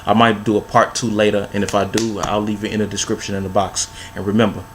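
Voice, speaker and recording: Vlogger, male, thirties, lowish voice, slangy and repetitive storytelling, faint noise behind. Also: little pitch movement, fast talker. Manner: laid-back, repetitive, street slang. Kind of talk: casual storytelling monologue.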